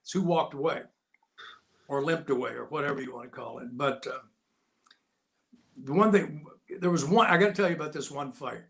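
A man in his sixties, an interview guest telling animated, folksy anecdotes in a casual way. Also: fairly high pitch, fairly quick, creaky, pauses often. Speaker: interview guest, actor and Navy veteran.

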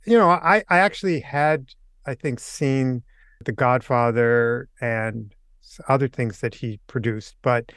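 An older man, a podcast guest, telling an anecdote in a casual, lively way and acting out the quoted lines. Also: mid-range voice, measured pace, smooth, no echo, clean studio sound. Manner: animated anecdote teller, acts out quotes. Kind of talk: casual storytelling.

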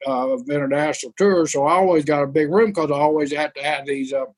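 A man's voice: on the high side, fast, dry recording. A man telling a rambling, profane anecdote from his days as a wrestling tour manager. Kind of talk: anecdotal storytelling.

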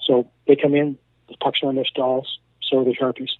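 Animated man telling stories on a phone line. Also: mid-range voice, a little fast, no echo. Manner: animated storyteller, repeats words, acts out quoted dialogue. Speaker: former hockey assistant coach, now broadcaster. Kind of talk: radio interview storytelling. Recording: tinny phone line, dry.

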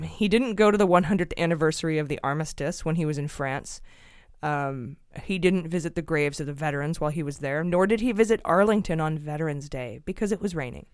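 Podcast host, woman: chatty, wry, smooth clean tone, close dry mic. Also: low voice, dry recording. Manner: chatty and wry, with frequent laughs. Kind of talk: casual podcast banter.

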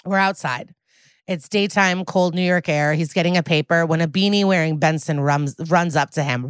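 Woman podcaster, low voice, swears a lot, walks through every scene, dry close sound. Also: normal speed, smooth, no room sound. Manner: blunt, swears freely, retells scenes in detail. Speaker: podcast co-host recapping episodes. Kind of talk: casual chat.

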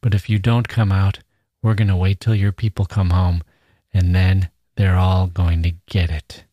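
A man's voice: low-pitched, level tone, moderate pace, warm tone, dry recording, studio quality. A man reading aloud voices a menacing young man who talks in an insistent, slangy, wheedling way. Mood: coaxing. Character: menacing young man, smooth-talking predator.

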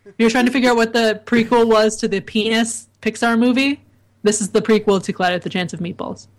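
A woman guesting on a comedy podcast, laughing often as she spins absurd deadpan bits. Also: a little high, a little fast. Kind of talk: casual comedic chat.

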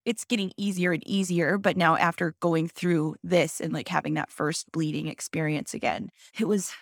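A woman speaks candidly as an interview guest, recounting events with quoted back-and-forth. Her voice carries a gravelly edge, recorded close and dry. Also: on the low side, fairly even intonation, normal speed, no room sound. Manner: open, emotional storytelling with quoted dialogue.

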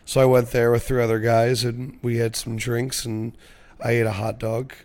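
A young man hosting a casual sports podcast, telling animated stories and swearing freely. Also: mid-range voice, normal speed.

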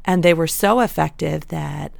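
A woman's voice: sits low, normal speed, gravelly, dry recording. A woman in her thirties, a podcast guest, chatting casually and telling her story with many fillers. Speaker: guest sharing birth story.

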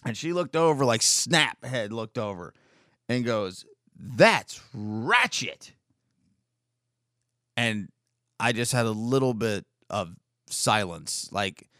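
Male podcast host, forties, American, smooth resonant voice, sarcastic storyteller, dry close recording. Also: mid-range voice, lively intonation, takes it slowly, fairly bright tone, no echo. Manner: rambling, wry and sarcastic. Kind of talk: casual solo monologue.

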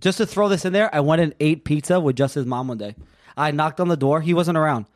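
A man, a podcast guest who keeps cutting in with excitable banter. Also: fairly high pitch, quick pace. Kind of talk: casual chat.

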